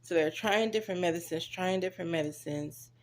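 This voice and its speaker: A woman's voice: on the low side, a little fast. A young woman casually telling her own story to viewers, chatty and direct, acting out what others said. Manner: chatty, addresses viewers as y'all, acts out quoted voices.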